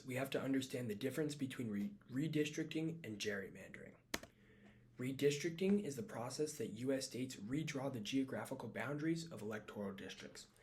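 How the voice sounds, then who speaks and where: A man giving a read-aloud class presentation, reading from a script with small slips and quick self-corrections. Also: medium pitch, slight background noise.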